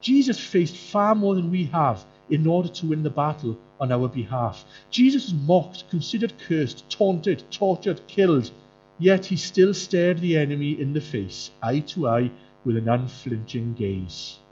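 A lively male preacher with a slightly high voice, delivering a sermon with dramatic swings. He slips into exaggerated mocking voices now and then. The sound is muffled, with faint music behind him. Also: a little slow. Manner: animated, jumps into high mocking voices for quoted characters.

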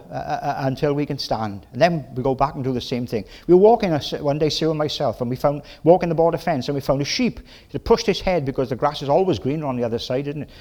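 Lively Welsh preacher, folksy. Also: male voice, fairly high pitch. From Wales. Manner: folksy, lively, quick bursts with tag questions. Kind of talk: sermon.

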